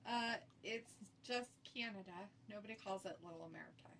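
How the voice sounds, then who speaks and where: A woman's voice: mid-range voice, a little fast, vocal fry, fairly bright tone, recorded from a distance, a little hiss or hum. A woman co-hosting a casual livestream chat. She reads viewer comments aloud and laughs often. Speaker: co-host reading viewer chat.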